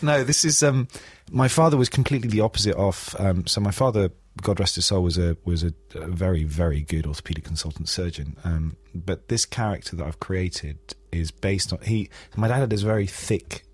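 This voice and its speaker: A man's voice: low-pitched, brisk, hardly any pauses, slightly rough, no echo. A man hosting a casual chat, hesitant and chatty, laughing easily.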